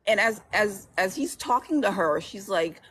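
A woman's voice: medium pitch, lively intonation, normal speed, a bit bright, a little hiss or hum. A woman author as a guest, chatting casually about her books and laughing often as she tells their stories. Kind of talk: casual chat.

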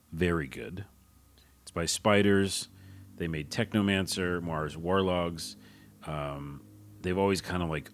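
A young man hosting his own podcast alone, talking casually and rambling with offhand swearing. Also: low-pitched. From United States. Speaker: podcast host. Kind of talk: casual solo podcast talk.

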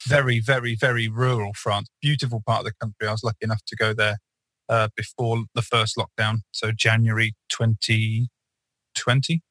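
Man, podcast co-host, bright voice, dry close sound, chatty rambling storyteller. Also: on the low side, little pitch movement, normal speed, dry recording, rough recording. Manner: rambling storyteller, many fillers and restarts. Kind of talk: casual chat.

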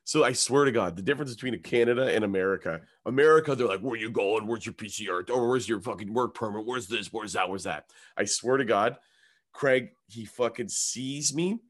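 A man's voice: on the low side, a little fast. A man, a comedian, telling a long story in casual chat, swearing freely and acting out the other people's voices. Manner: animated, swears a lot, acts out other voices. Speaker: comedian guest.

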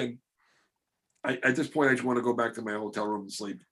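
A man's voice: mid-range voice, fast. Middle-aged guy rambling thru a story on his podcast, laughs at himself a lot. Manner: rambling, self-deprecating, animated quotes. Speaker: podcast host. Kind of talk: casual storytelling chat.

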